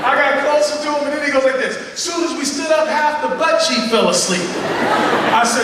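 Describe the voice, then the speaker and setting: A man giving a motivational speech at a school assembly, telling stories with animated, joking energy and talking straight to the students. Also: very high voice, quick pace. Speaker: motivational speaker. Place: large high school gym. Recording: echoey gym from far off, audience noise.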